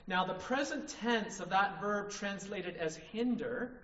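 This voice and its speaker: Higher-voiced preacher in an echoey hall. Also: male voice, fairly bright tone. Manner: emphatic, repeats "right?" to the congregation. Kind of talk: sermon. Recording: distant, echoey hall, dull sound.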